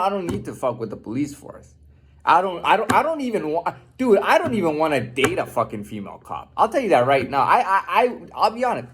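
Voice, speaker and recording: A man's voice: mid-range voice, breathy edge. A man delivering an unscripted, profane, defiant monologue rant, often repeating and restarting his words.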